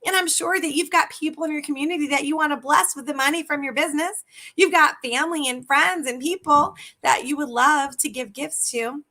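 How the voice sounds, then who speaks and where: Casting: middle-aged woman, sales coach, high bright voice, peppers the listener with questions. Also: fairly quick. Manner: animated, asks the viewers many direct questions. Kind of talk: live video coaching talk.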